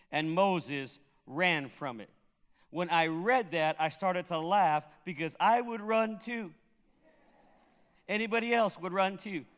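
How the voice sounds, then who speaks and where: A high-pitched, slightly bright voice belongs to a pastor from Puerto Rico who preaches in a church sanctuary, telling funny stories and laughing along with them. The audio has a long hall reverb.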